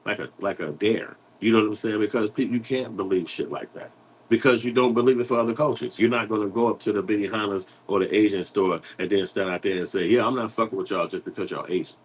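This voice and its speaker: A man's voice: fairly low pitch, fairly even intonation, fast, slightly rough, poor audio. A man hosting an online commentary show, talking in a blunt, profane, rambling street style while reading and answering chat.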